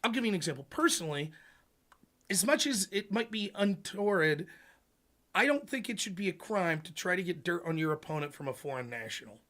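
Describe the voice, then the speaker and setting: A man hosting a livestream, talking politics in an animated, profane rant. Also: high voice, a little fast. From United States. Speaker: livestream host. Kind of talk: casual political chat.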